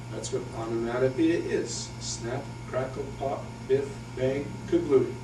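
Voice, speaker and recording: A middle-aged man, a teacher, giving an upbeat, jokey presentation to a room of teachers. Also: mid-range voice. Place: room with an audience. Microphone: distant room mic. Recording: echoey room from far off with background noise and hum.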